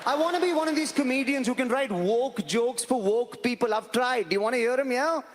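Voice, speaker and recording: A man's voice: very high-pitched, fairly quick. Man, indian accent, stand-up comedy, wry ironic punchlines, long hall reverb, faint background noise. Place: large live comedy venue.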